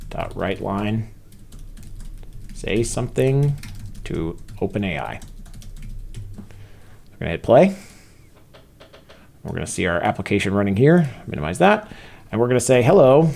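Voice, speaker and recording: A man walking through a coding tutorial step by step in a relaxed, casual way, with frequent filler uhs as he narrates what he types. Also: on the low side. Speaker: software developer teaching a coding tutorial. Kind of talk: screen-recorded coding walkthrough.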